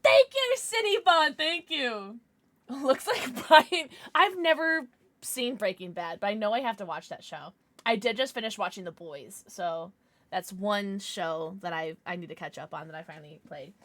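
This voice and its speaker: Bubbly woman streamer, very animated pitch. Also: normal speed, dry recording. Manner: bubbly and excitable, greets chat; talks baby talk to her pets. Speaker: livestreamer. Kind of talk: casual livestream chat while gaming.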